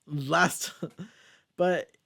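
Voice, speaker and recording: A man's voice: extremely slow, creaky. A young man hosting a comic book podcast, chatting casually and laughing often. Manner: casual, laughs often, reads quotes in a low flat voice. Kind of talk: casual chat, reading comic lines aloud.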